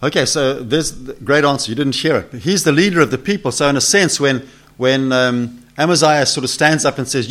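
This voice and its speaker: A man with a medium-pitched, slightly bright voice talks fairly quickly as he teaches Bible study to a gathered group in a meeting room. This preacher is conversational, throws out questions, and gives voice to the figures in the text.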